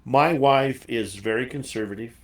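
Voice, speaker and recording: A man's voice: mid-range voice, moderate pace, roomy sound, distant mic, crowd noise. A man hosting a casual chat interview, folksy and chatty, laughing easily. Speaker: show host.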